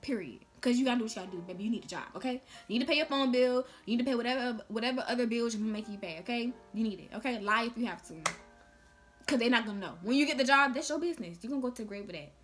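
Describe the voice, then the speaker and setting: Young woman vlogger, sassy and playful, slightly high voice over light music. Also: rapid-fire. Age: young adult. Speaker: vlogger giving job tips. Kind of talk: casual chat to camera.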